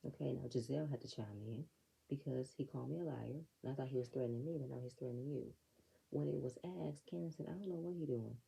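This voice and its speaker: Gravelly, dark-voiced woman recapping reality TV. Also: extremely low pitch, quick pace, poor audio. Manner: blunt, opinionated, sassy asides. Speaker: reality TV reviewer. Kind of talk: casual recap commentary.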